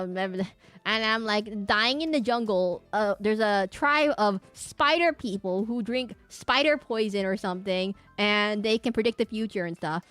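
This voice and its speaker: A woman's voice: medium pitch, fairly bright tone, clear, resonant tone, no room sound. A woman streamer chatting casually with her live audience, rambling with lots of fillers and restarts.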